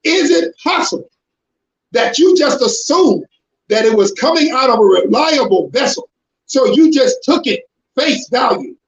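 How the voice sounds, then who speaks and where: A man preaching to a congregation in an emphatic, confrontational way, breaking into shouted bursts. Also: very high voice, animated, a little slow, a little hiss or hum. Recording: roomy, dull lo-fi sound.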